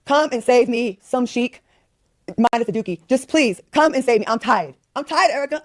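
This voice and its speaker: A woman's voice: fairly high pitch, expressive, moderate pace, no room sound, clean studio sound. A woman in her fifties from Rhode Island, ranting in exasperation and swearing in casual chat.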